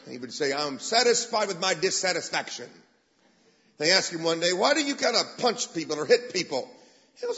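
A man's voice: high voice, a little fast, slight background noise. A man preaching, telling stories and acting out the people he quotes. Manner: animated, acts out quoted voices. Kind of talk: sermon storytelling. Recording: dull sound with long hall reverb.

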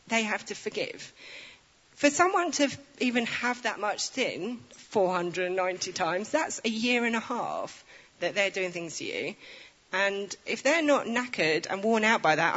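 A woman giving an informal, chatty sermon, reading scripture aloud with animated storytelling and self-deprecating asides. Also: medium pitch, breathy edge. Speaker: preacher. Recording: reverberant, dull lo-fi sound.

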